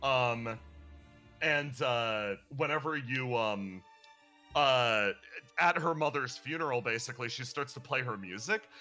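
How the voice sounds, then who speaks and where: Bright-voiced man recapping a story. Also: mid-range voice, measured pace, faint music behind. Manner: animated, laughs and breaks into playful character voices. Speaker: streamer. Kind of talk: casual chat recapping a game story.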